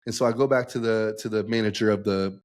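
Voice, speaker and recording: A man's voice: lowish voice, steady tone, fast. A young man, a podcast guest, telling his story casually and acting out the dialogue he quotes. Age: young adult.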